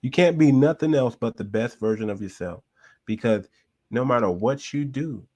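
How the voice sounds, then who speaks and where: A man's voice: medium pitch, normal speed, darkish tone. Man emphatically repeating his points. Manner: emphatic, repeats lines, frequent restarts. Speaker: reaction show host. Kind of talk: casual commentary.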